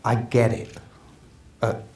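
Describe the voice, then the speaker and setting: A man in his fifties telling stories in a casual interview, rambling with many restarts and acting out what others said. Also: slow. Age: 50s. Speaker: actor being interviewed. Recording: roomy echo, distant mic, faint noise.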